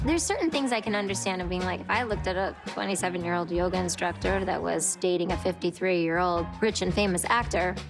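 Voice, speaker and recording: A woman's voice: lowish voice, brisk, few pauses, music in the background. A woman in her forties speaking earnestly and reflectively in a confessional interview for a reality show. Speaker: reality show cast member.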